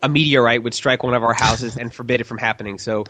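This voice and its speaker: A man's voice: medium pitch, steady tone, fast talker, bright, forceful tone. Man hosting a podcast while sick with a cold. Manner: upbeat, jokey host patter. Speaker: podcast host. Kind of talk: casual podcast chat.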